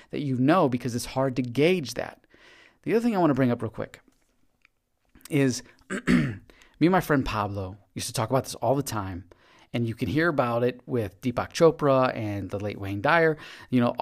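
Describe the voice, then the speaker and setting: A man hosting a podcast, giving an earnest, encouraging motivational monologue and often repeating his words. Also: mid-range voice. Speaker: podcast host.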